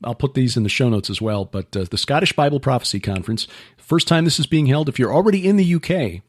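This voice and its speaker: A man's voice: medium pitch, expressive, quick pace. A man hosting a podcast, chatting casually about upcoming events with many fillers and restarts. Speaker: podcast host. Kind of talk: casual chat.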